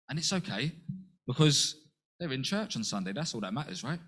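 A man preaching a sermon in an earnest way, asking rhetorical questions and jumping up in pitch to act out quotes. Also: lively intonation, brisk, a bit bright, breathy edge.

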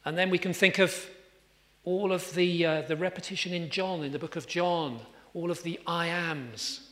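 A man's voice: fairly high pitch, steady tone, moderate pace, a bit bright, big-room sound. A man preaching a sermon, conversational with fillers and restarts, emphatic when reading scripture aloud.

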